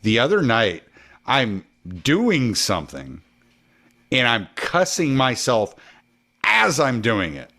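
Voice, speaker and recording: Animated, cussing man in casual chat. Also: mid-range voice. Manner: animated, swears freely, quick asides. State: drinking during the chat. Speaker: podcast guest or host. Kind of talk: casual conversation.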